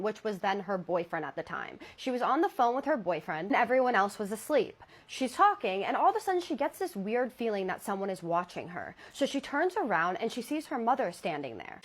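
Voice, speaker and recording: A woman tells true scary stories to her viewers in a chatty, conversational voice. She talks at an easy, everyday pitch and keeps it casual, leaning on "she's like" as she goes. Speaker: horror story narrator.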